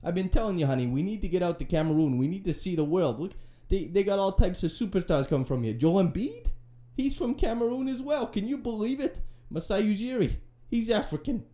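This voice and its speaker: Comic bit: a gushing middle-aged fan calling out to his wife, pitched high and swooping all over, put on by a man. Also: fairly quick, few pauses. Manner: excitable, gushing, talks over himself.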